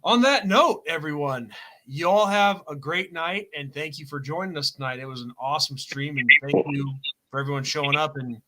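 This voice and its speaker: A man's voice: a little high, moderate pace, fairly bright tone. A man hosting a live stream, chatting casually and laughing often. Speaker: host.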